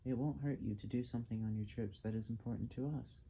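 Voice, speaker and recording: A man reading the lines of a quiet, firm religious father in an audiobook. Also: medium pitch, steady tone, fast talker, natural voice. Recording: dull, slightly muffled with faint hiss.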